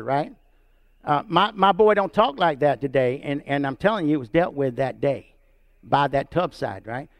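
A middle-aged man preaching a sermon as pastor, telling a family story and checking in with "right?" and "amen?", rising high and loud to stress points and dropping soft for quiet lines. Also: moderate pace, dry recording, clean studio sound. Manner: storytelling, repeats words, asks "right?" and "amen?" of the congregation.

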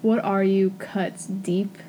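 A woman's voice: mid-range voice, level tone, slow, warm tone, a little hiss or hum. A young adult woman co-hosting a podcast, earnestly sharing personal stories in casual conversation and laughing often. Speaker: podcast co-host. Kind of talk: casual chat.

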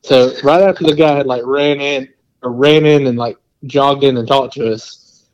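A man telling a long story in a casual chat, rambling and animated, with lots of "like" and quoted asides. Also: mid-range voice, normal speed, muffled recording. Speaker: podcast guest.

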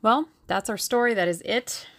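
A woman narrating a novel aloud as an audiobook reader, in a steady, unhurried storytelling manner. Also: a little high. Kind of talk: scripted narration.

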